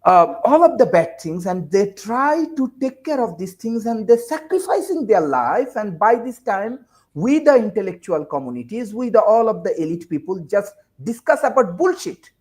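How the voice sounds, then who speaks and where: Speaking on a panel by video call, a woman from Bangladesh who teaches at a university pleads with urgent emotion, using repetition and rhetorical questions. Her mid-range, darkish voice swings widely in pitch at a moderate pace. The recording is rough.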